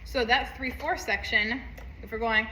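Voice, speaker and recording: A woman's voice: on the high side, steady tone, unhurried, roomy sound, poor audio. A woman teaching a saxophone part, upbeat, counting aloud and singing rhythms. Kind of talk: music lesson walkthrough.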